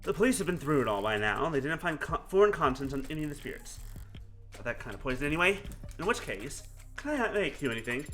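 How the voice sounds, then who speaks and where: A wry young woman detective from a story game quips and needles the people around her, as a man reads her part. The voice sits slightly high, bright and animated. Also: fast talker, soft background music. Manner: dry and teasing.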